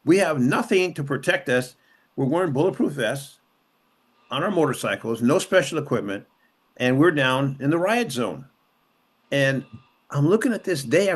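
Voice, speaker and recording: This older Los Angeles man, formerly a cop and a city councilman, speaks in a high-ish voice with a breathy edge. He retells his story conversationally and emotionally, using emphatic repetition as his voice swings sharply up and down.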